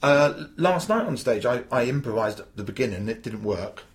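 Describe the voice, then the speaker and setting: Fast, excitable comedian on a video call. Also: male voice, mid-range voice. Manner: fast, emphatic storytelling with acted-out quotes. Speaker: stand-up comedian, guest. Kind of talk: animated interview chat. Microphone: video call mic.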